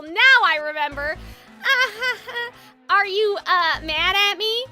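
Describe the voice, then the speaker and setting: A woman's voice: very high-pitched, expressive, takes it slowly, pushed and bright, faint music behind. A woman streaming a game live, chatting and joking as she plays, laughing often. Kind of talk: live gameplay commentary.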